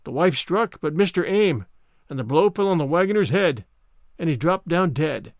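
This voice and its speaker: A man reading fairy tales aloud in a measured, expressive storytelling manner. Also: on the high side, dry recording, studio quality.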